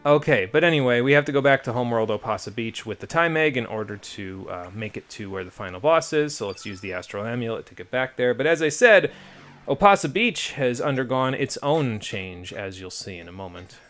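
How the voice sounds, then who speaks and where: A man's voice: medium pitch, animated, brisk, a bit bright, faint music behind. An American man streaming a game live, talking casually with sarcastic, profane, rambling asides. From United States. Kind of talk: live let's play commentary.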